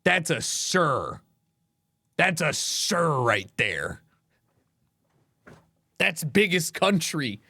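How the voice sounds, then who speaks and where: A man streaming casually, reacting out loud with swearing and frequent laughter. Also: fairly high pitch, extremely slow, vocal fry, pauses often, dry recording. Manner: animated, swearing, laughing often.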